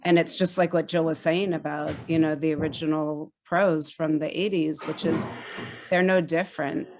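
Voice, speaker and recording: Female guest, low even voice, earnest and keen. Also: slight background noise. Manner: earnest, enthusiastic, speaks in halting restarts. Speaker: documentary executive director. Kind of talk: podcast interview guest.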